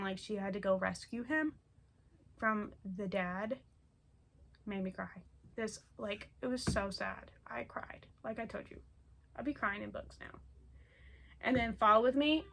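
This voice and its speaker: A woman's voice: medium pitch, fairly bright tone, a little hiss or hum. A young woman chatting at home about the books she read this month, gushing and rambling with lots of fillers and repeated words. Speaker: book vlogger. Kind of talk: casual monthly reading wrap-up.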